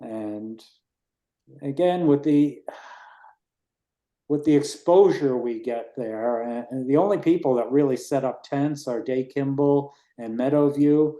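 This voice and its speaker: Guy in his 60s rambling thru a committee update, mellow dark voice, echoey meeting room. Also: medium pitch, a little slow, highs cut off. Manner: rambling, relaxed, with fillers and restarts. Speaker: race organizer reporting to a town committee. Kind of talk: informal committee meeting report.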